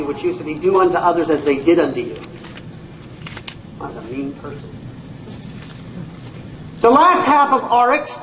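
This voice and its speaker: A man giving a lively, jokey sales presentation at a whiteboard, making his points through stories. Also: high voice, slight background noise. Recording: echoey room, mic far off, faint ambience.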